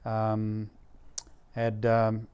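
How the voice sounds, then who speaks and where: Guy, middle-aged, earnest storyteller in an interview, smooth resonant voice. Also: fairly low pitch, monotone, extremely slow, darkish tone. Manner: earnest, emotional storyteller with Southern grammar. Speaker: disaster relief charity leader.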